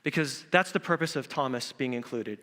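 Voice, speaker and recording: A male pastor preaching an Easter sermon in a church, animated and acting out quotes in different voices. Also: medium pitch, fairly quick. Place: church sanctuary. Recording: reverberant church hall.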